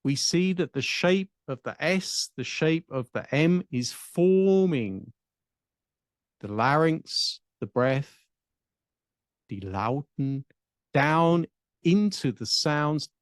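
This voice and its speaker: A man with an English accent, a speech and public speaking coach, giving a reflective teaching monologue in a measured, deliberate way with long pauses. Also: fairly high pitch, dry recording, studio quality.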